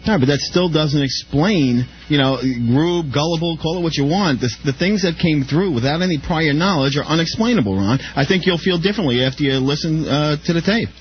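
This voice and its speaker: A man's voice: a little high, lively intonation, a little fast, few pauses. A man who is a guest on a radio talk show, earnestly defending his view. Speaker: studio guest. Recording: dull lo-fi radio recording with faint hiss.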